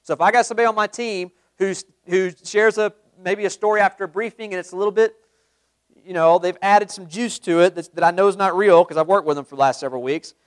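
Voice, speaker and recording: A man giving a live sales training talk to a group, energetic, quizzing the room with questions and acting out sample calls. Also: sits high, fast, clear, resonant tone, dry recording. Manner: acts out sample phone calls.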